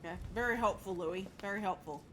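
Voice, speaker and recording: Speaking quickly in a mid-range voice, this woman streams a video game live and talks straight to chat, joking and cursing as she plays. Her gameplay commentary comes through a webcam setup, with game music and other background noise in the recording.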